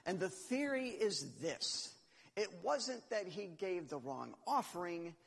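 A man's voice: a little high, breathy edge, long reverb tail. A man giving a sermon, explaining Scripture in an earnest, teaching way and reading verses aloud. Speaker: preacher.

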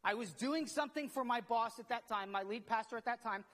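A man's voice: very high-pitched, brisk, fairly bright tone. A middle-aged man, preaching a conversational sermon as a pastor, asking himself questions and repeating words as he builds up. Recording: long hall reverb.

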